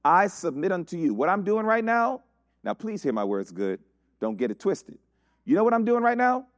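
A man's voice: high voice, big pitch swings, normal speed, no room sound, studio quality. A man preaching a sermon, building his points through repeated rhetorical questions.

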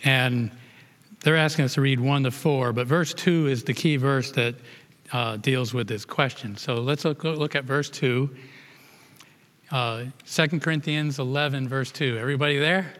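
A man's voice: medium pitch, normal speed, a bit bright. Man teaching a Bible class in a hall. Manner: explains verses, rereads and restarts phrases.

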